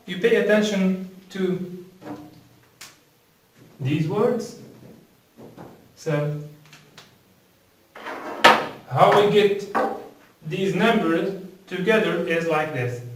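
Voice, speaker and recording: Man, English teacher, very slow, repeats each word, roomy echo. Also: high voice, animated, far from the mic. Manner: repeats words and quizzes the viewer. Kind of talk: slow, deliberate classroom explanation. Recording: very echoey room, off-mic.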